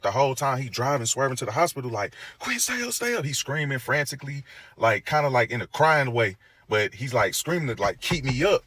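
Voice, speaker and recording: A man telling a personal story in casual talk, loose and full of fillers, acting out the voices and sounds as he goes. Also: mid-range voice. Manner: animated, acts out quoted voices and sounds.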